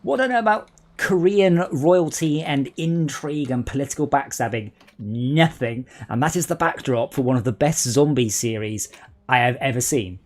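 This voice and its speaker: A man's voice: mid-range voice, normal speed. A man hosting a late-night gaming stream, rambling and telling jokes in casual chat. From England. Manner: rambling, animated storyteller. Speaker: streamer host.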